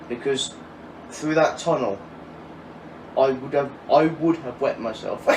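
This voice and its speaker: Casual young man, laughs a lot, swears, heard from across a roomy space, faint background hum. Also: mid-range voice. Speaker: railway vlogger answering viewer questions. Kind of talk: casual Q&A chat. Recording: echoey, distant mic with faint ambient noise.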